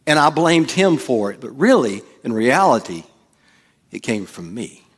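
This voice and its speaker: A man's voice: mid-range voice, sing-song, measured pace, breathy edge. A man preaching a sermon as pastor, in a casual, joking way and acting out quotes. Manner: conversational preaching with jokes and acted-out quotes. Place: church.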